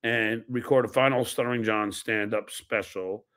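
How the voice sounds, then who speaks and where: Hosting a podcast in a casual live-stream setting, a man with a lowish, fairly bright voice talks at a moderate pace with fairly even intonation. He reads viewers' donation messages aloud and answers with blunt, profane comebacks.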